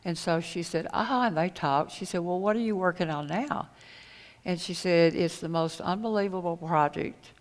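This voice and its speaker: A middle-aged woman speaking at a conference, telling a personal story in an earnest, halting way and retelling conversations. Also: fairly low pitch. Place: conference hall. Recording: echoey hall with long reverb.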